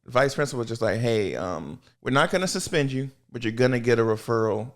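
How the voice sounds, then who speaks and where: Young male podcast host, casual storyteller, lively pitch, does high voices for quoted people. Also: fast talker.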